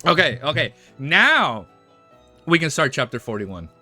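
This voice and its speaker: A young man chatting on a live stream, excitable and restless, tripping over his words as he talks to his viewers. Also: on the high side, measured pace, soft background music. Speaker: streamer reading and reacting to a web novel. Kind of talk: casual live-stream chat.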